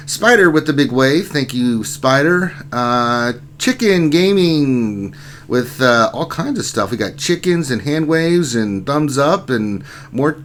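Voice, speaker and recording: A man's voice: mid-range voice, animated, takes it slowly, fairly bright tone. A man hosting a casual livestream, reading out chat names and greeting viewers one by one. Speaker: livestream host.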